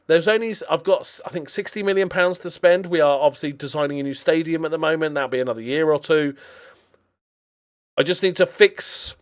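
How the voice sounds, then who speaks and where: A man's voice: a little high, fairly quick, clean tone. Chatty man commenting on a game. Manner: chatty and animated, with lots of fillers. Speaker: gaming commentator. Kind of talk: casual video game commentary.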